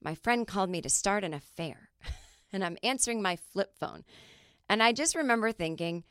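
A middle-aged woman hosting a podcast, telling stories in a chatty, animated way with lots of fillers. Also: medium pitch, normal speed, smooth, no room sound, clean studio sound. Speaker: podcast host. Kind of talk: casual comedic monologue.

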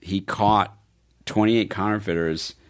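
A man guest in a casual interview, telling stories in a lively way and voicing quotes in a higher tone. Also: slow. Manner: animated storyteller, acts out quotes in a higher voice. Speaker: film producer guest.

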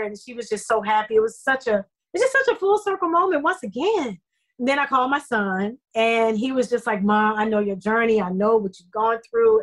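A middle-aged woman, a soap opera actress, telling stories in a casual interview, effusive and animated with many fillers. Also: on the high side, rough recording.

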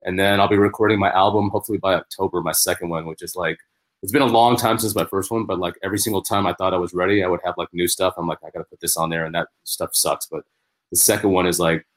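A man's voice: low voice, steady tone, quick pace. A man who is a comedian, telling stories animatedly as a podcast guest, with many restarts. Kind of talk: casual podcast chat.

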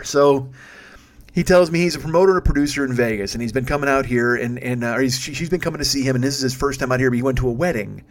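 A man telling a casual anecdote in an animated, profane way. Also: mid-range voice. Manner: profane, animated, quick-talking. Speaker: storyteller.

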